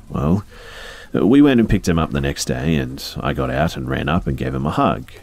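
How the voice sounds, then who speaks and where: A man narrating a first-person story in a steady, even storytelling manner. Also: low-pitched, normal speed, creaky.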